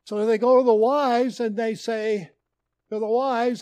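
High-voiced, slow-preaching pastor. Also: male voice, steady tone, darkish tone, clear, resonant tone, no echo. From Minnesota, USA. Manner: earnest storytelling with dramatic emphasis. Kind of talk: sermon.

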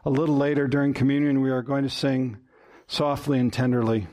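A male pastor preaching a sermon in a slow, earnest way, growing soft and low toward tender closing words. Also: flat delivery.

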